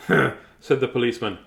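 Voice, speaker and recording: A man's voice: medium pitch, slow, gravelly, a bit bright. A man reading a picture book aloud, chuckling and adding chatty asides to the listeners. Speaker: storybook reader.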